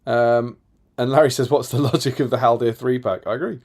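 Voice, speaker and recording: A man's voice: mid-range voice, steady tone, brisk, darkish tone. A man co-hosting a casual live stream, reading viewer comments aloud with a chatty, laughing manner. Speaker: co-host reading chat comments.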